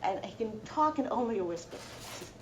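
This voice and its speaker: A woman's voice: medium pitch, lively intonation, brisk, a little hiss or hum, rough recording. A middle-aged woman, a law professor, giving a heartfelt, reflective personal lecture to students.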